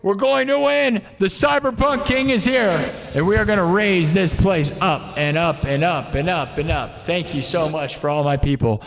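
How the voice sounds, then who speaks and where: A man's voice: high voice, moderate pace, gravelly, hardly any pauses, in a large hall, a little hiss or hum. A man hosting a live music stream, hyping up his viewers with chanted pep talk and jabs at his haters.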